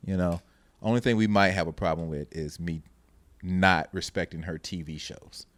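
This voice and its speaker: A man with a fairly low voice hosts a podcast in casual chat. He tells lively stories and acts out what others said. The sound is close and dry. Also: normal speed, dry recording. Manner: animated storyteller, acts out quotes. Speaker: podcast host.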